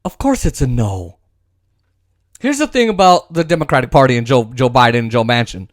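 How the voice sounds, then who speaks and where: A man's voice: medium pitch, sing-song, fairly quick, dry recording, clean studio sound. A man hosting casual political commentary, rambling and sarcastic, with frequent restarts and mocking impressions.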